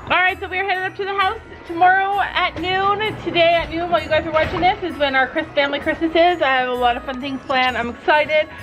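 Giggly high-voiced woman vlogging at a barn. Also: fairly even intonation, fast, few pauses, music in the background, poor audio. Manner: giggly and chatty, often laughing. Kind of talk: casual family vlog chat. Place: outdoors at a horse barn.

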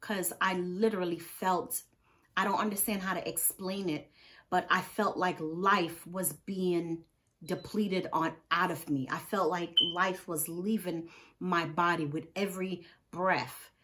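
A woman's voice: on the low side, unhurried, a little hiss or hum. A woman, a nurse, telling a personal story in a casual storytime vlog, earnest and heartfelt, acting out what others said. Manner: lively storyteller who acts out others' words. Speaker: vlogger.

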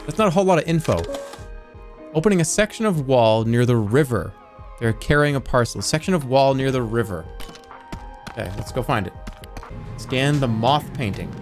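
Goofy guy streaming a game, lively voice jumping up and down, yelps a lot. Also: medium pitch, moderate pace, pauses often, soft background music. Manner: goofy, excitable, with sudden yelps. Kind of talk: live gameplay commentary.

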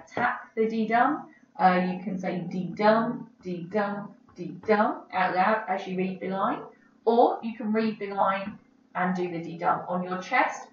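A woman teaching a recorded English lesson over slides, chatty and full of fillers, checking "okay?" as she goes. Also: medium pitch. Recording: roomy, distant, dull lo-fi audio with faint background noise.

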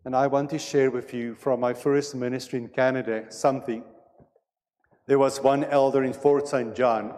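A man preaching a sermon as pastor, with a measured and deliberate delivery in a church sanctuary. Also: mid-range voice, darkish tone. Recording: long reverb of a church hall.

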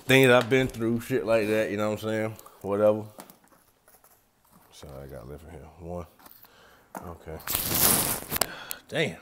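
Low-voiced young man. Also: unhurried, pauses often, noisy background. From Atlanta, USA. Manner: loose, slangy and profane, talks straight to viewers. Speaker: vlogger. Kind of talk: casual rambling vlog.

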